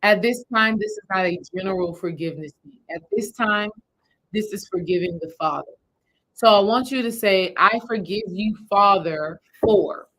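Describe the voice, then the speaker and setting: A woman's voice: mid-range voice, moderate pace, fairly bright tone, poor audio. A woman spiritual healing coach, talking her audience through a meditation step by step in a casual, repetitive way. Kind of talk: guided meditation talk to a live audience.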